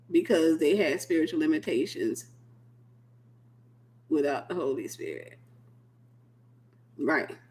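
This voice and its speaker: Sleepy woman minister, roomy echo. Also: lowish voice. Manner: animated storyteller who acts out quoted voices. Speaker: minister and livestream host. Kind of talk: casual late-night livestream chat.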